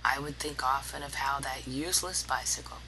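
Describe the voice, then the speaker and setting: A narrator reading a story aloud in a slow, hushed, often breathy way. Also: medium pitch, a little hiss or hum, rough recording.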